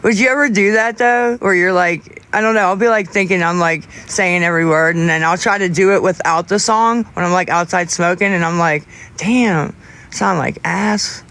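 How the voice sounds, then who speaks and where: A young man livestreaming, chatting casually with viewers in a rambling, halting way with many restarts. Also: high-pitched, fairly even intonation, bright, forceful tone.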